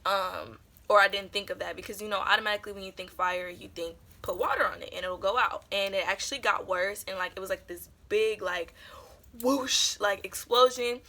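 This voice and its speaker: Young woman vlogger, bright tone, casual rambling storytime with lots of "like". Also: medium pitch, a little fast, few pauses. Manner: chatty, meandering with lots of fillers.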